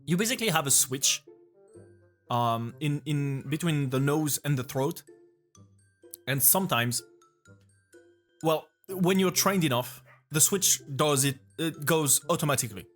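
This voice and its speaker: A man's voice: a little high, lively intonation, faint music behind. A man from France with a French accent, reacting to a video and explaining pronunciation casually, with frequent restarts. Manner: halting, restarts often, explains patiently.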